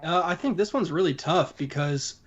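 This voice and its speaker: A man's voice: a little high, moderate pace, highs cut off. A man co-hosting a casual sports podcast, easygoing and hedging, full of "you know.". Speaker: podcast co-host.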